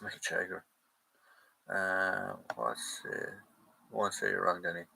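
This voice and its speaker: A man's voice: sits low, animated, takes it slowly, vocal fry, bright, forceful tone, breathy edge, poor audio. An Irish man hosting a casual livestream Q&A, chatting loosely, reading viewer comments aloud and answering them, and correcting himself as he goes. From Ireland. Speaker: host of a live chat stream.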